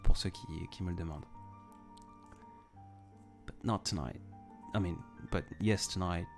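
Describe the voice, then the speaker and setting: Guy rambling on a livestream, low and gravelly, faint music behind. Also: moderate pace. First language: French. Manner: rambling, chatty, frequent restarts. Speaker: livestream host. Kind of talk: casual chat, reading viewer comments.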